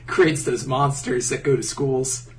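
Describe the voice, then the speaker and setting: A man's voice: mid-range voice, steady tone, unhurried, far from the mic, slight background noise. A man co-hosting a casual podcast who riffs with made-up jokes. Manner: jokey, riffs with invented gags. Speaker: podcast co-host. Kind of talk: casual chat.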